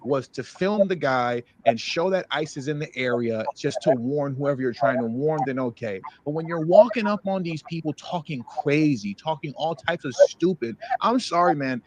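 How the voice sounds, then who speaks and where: A man's voice: a little high, animated, moderate pace, few pauses, no room sound. A man hosting a news commentary show, ranting heatedly and repeating himself for emphasis. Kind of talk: emotional commentary over played clips.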